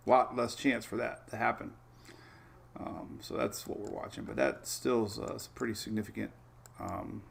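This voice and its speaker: Looking over the weather maps on a relaxed live show, a fairly high-pitched, creaky-voiced man chats loosely and drifts into excited tangents.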